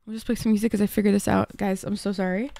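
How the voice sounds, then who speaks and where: A woman's voice: mid-range voice, level tone, racing, vocal fry, warm tone, dry recording. Woman streamer, casual live chat, flustered and swearing, dry close sound, keyboard typing.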